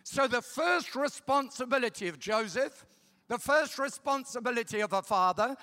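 A man's voice: very high voice, sharp tone. A middle-aged man preaching a sermon, emphatic, repeating key words and checking in with the audience. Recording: long reverb of a large hall.

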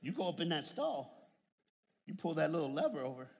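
Fervent preacher in a reverberant hall. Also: male voice, on the high side, very animated, gravelly. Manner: rises to shouting, drawn-out fervent preaching; humorous storytelling with put-on voices. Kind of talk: sermon.

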